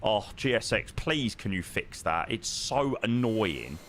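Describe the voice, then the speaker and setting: A man's voice: on the low side, very animated, unhurried, a bit bright, a little hiss or hum. A man, chatting casually with his live-stream chat while flying a sim, swearing now and then.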